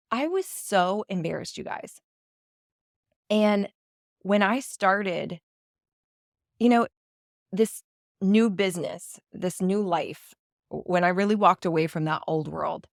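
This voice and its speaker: A woman's voice: fairly low pitch, creaky, no room sound, studio quality. Candid woman telling a personal story. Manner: candid, confessional, acts out quoted dialogue. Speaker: podcast host.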